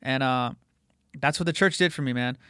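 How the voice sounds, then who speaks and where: A man's voice: medium pitch, moderate pace, a bit bright, smooth, no room sound, studio quality. A man in his late twenties hosting a podcast, talking casually in a profane, rambling way with lots of fillers and restarts. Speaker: podcast host. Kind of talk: casual podcast intro monologue.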